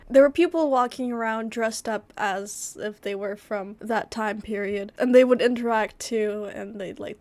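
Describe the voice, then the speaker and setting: A woman from the United States, slightly sick, chatting in a rambling casual travel vlog, full of restarts and filler words. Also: fairly high pitch. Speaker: vlogger.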